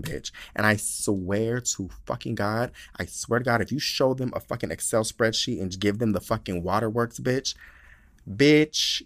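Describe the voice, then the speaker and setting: A man hosting a podcast, chatting casually and reading listener letters in a sassy, profane, animated way, sounding tired. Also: low voice, no echo, studio quality. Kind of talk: casual chat.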